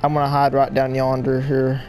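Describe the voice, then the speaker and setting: A young man rambling excitedly to viewers as he plays a game, recorded at home with game music behind him. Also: medium pitch, moderate pace. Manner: excitable, rambling, talks to viewers while playing. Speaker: gaming YouTuber. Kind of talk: casual let's-play commentary. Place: home room, people audible outside.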